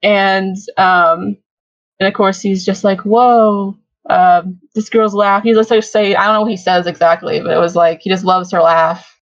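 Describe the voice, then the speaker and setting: A woman's voice: on the low side, steady tone, normal speed, no echo, muffled recording. A young woman hosting a casual fan podcast, chatty and giggly, with lots of fillers. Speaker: podcast host.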